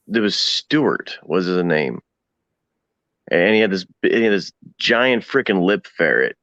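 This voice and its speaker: A man's voice: low voice, very animated, measured pace, a bit bright, no room sound. A man, a guest on a live stream, telling profane stories in a laid-back way. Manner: laid-back, profane storyteller who acts out voices in his stories. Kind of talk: casual chat. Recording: dull, dry sound.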